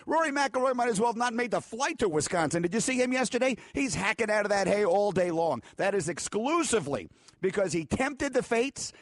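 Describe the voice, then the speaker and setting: A male sports radio co-host with a somewhat high voice, leaning into every point with theatrical, mock-preachy emphasis. His studio mic sounds close and dry. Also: big pitch swings, fairly quick, no room sound. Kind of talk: animated sports talk radio banter. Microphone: studio microphone.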